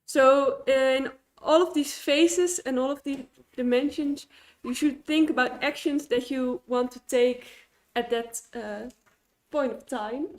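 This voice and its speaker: A woman with a notably high voice presenting at a tech meetup. She explains her points step by step, often breaking off words and restarting. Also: takes it slowly. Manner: explanatory, frequent fillers and false starts. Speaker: conference speaker. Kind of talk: conference talk.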